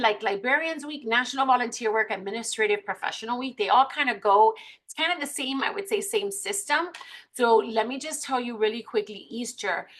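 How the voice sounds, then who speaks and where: A woman's voice: a little high, a bit bright. Chatty upbeat woman leading a team. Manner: chatty, upbeat, many fillers. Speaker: team leader of beauty consultants. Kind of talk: casual training chat.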